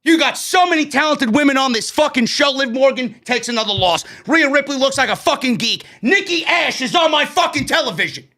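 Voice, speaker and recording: A man with a New York accent tears into a wrestling show in a loud, profane rant. His voice sits high and bright, and it swings widely in pitch as he yells and then drops low. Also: lively intonation, a little fast, few pauses. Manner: loud profane ranting, frequent shouting. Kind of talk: ranting show review.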